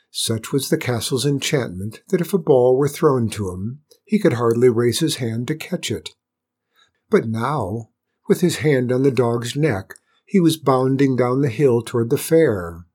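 A man reading a storybook aloud in a calm, measured, gentle way. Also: medium pitch, breathy edge. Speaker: narrator.

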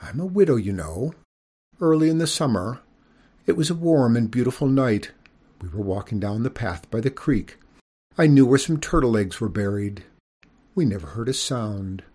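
Man voicing a widowed lady skunk, storybook, prim, proper, lecturing, husky. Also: mid-range voice, lively intonation, moderate pace, warm tone. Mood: sorrowful.

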